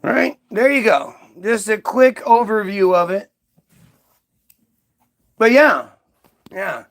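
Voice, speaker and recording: A man's voice: high-pitched, lively intonation, slow pace, vocal fry. A man hosting his own channel in a heated, profane commentary rant, firing off rhetorical questions. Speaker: commentary host. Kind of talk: ranting commentary.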